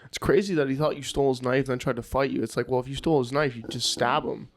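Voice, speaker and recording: A man co-hosting a comedy podcast, reacting with quick wisecracks and laughter. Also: mid-range voice. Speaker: podcast co-host. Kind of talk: casual comedic banter.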